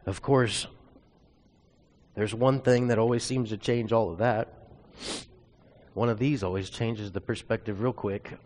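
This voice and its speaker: A man's voice: fairly low pitch, fairly even intonation, unhurried, pauses often, darkish tone. A man preaching a sermon, telling a personal testimony in an earnest, confessional storytelling way.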